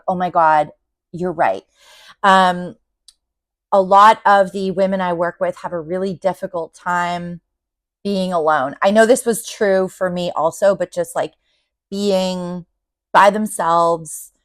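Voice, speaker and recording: A woman's voice: lowish voice, no echo, clean studio sound. A woman in her forties hosting a casual solo podcast as a recovery coach, talking in a candid, rambling way with frequent ums.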